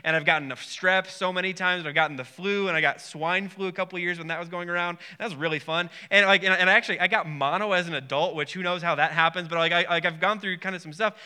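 A man's voice: sits high, steady tone, quick pace, few pauses, bright, forceful tone, clean tone. A man in his thirties preaching a sermon, telling a personal story in a rambling way, often repeating words and restarting. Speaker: pastor.

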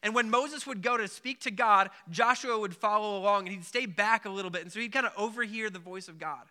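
A man's voice: high-pitched, a little fast, bright, forceful tone. A man preaching a casual sermon, talking in a loose conversational way with many filler words and acting out the voices in the story. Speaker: pastor.

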